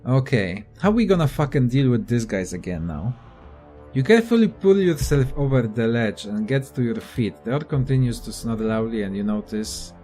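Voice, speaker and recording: A man's voice: mid-range voice, sing-song, moderate pace, mellow, faint music behind. A young man casually commenting on a video game and reading its text aloud, offhand and profane. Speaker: let's play gamer.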